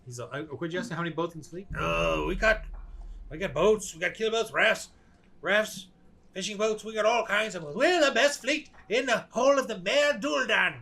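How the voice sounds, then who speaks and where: A man's voice: high voice, moderate pace, creaky, bright, forceful tone, slight background noise, pitched above the performer's own voice, full character voice. A man voicing a shifty male ruffian prisoner who stammers, evades and blusters in a tabletop game. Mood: boastful. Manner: stammering, wheedling evasions.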